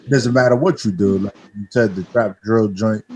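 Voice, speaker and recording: A man, a radio host from Spanish Harlem, chatting in relaxed, slangy street talk. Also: fairly low pitch, moderate pace, husky. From Spanish Harlem, New York. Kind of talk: casual radio interview chat.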